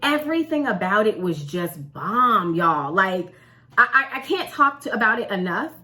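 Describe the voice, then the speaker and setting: A woman co-hosting a casual audiobook chat, her pitch swinging in lively leaps. Her voice is bright and forward. She talks loosely, with slang and fillers like "um" and "like.". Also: moderate pace. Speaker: podcast co-host.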